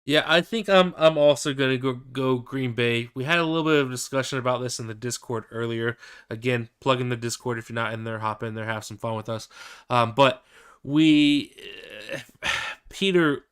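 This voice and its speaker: Male podcast co-host, bright and crisp, relaxed football banter full of restarts. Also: mid-range voice. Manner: easygoing, halting with fillers and restarts. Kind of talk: casual sports podcast chat.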